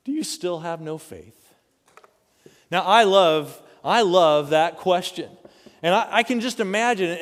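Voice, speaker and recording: Pastor guy preaching, high voice, lively storyteller, big echoey church. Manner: animated storytelling preacher, asks the congregation questions. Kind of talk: sermon. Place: church sanctuary. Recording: long church hall reverb.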